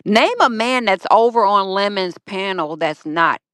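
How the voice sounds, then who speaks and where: A woman's voice: mid-range voice, expressive, a little slow, a bit bright, clean tone, no echo, clean studio sound. A woman co-hosting a casual gossip chat, rambling and restarting her sentences.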